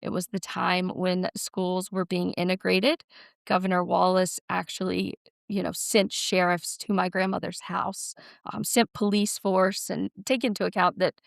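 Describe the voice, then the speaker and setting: Lady telling a family story on a podcast, bit of fry in her voice, dry close sound. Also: on the low side, little pitch movement, unhurried, dry recording. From Alabama, USA. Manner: earnest storytelling, frequent ums. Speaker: director of development, podcast guest. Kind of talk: casual interview talk.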